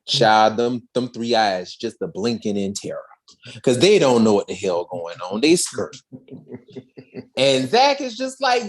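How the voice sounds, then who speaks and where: A young woman co-hosting a podcast, sassily retelling an episode and acting out the characters' lines in a slangy, expressive way. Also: a bass voice, a little slow. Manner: sassy, expressive, slangy storyteller who jumps into character voices. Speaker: podcast co-host recapping an episode. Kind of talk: animated comedic recap with acted-out voices.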